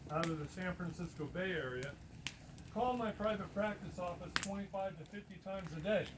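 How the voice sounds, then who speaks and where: Male guest speaker, slightly high voice, animated storyteller, noisy room tone underneath. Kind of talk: storytelling talk.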